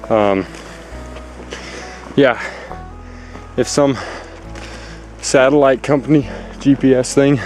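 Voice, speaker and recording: This hunter speaks at a medium pitch with a darkish tone, going slowly and pausing often as he talks to the camera, breathless, anxious and full of fillers. He's outdoors in a forest clear cut, recorded on a handheld camera held close, with faint music in the background.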